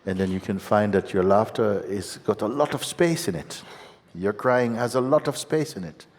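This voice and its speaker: A man giving a satsang teaching as a spiritual teacher, gentle and unhurried, often breaking into laughter. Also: lowish voice. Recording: long hall reverb with faint ambience.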